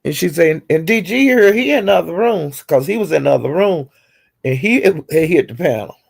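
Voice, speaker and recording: Gravelly-voiced woman spilling gossip. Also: lowish voice, animated, moderate pace, a little mellow. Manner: chatty retelling, acting out quotes, chuckling. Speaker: streamer recapping online drama. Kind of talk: casual gossip storytelling.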